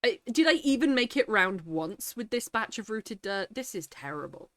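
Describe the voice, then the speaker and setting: A woman's voice: medium pitch, animated, moderate pace, fairly bright tone, dry recording. A woman streaming a game, chatting casually, reading her chat aloud and laughing often, sniffly and teary. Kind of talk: casual live-stream chat while gaming.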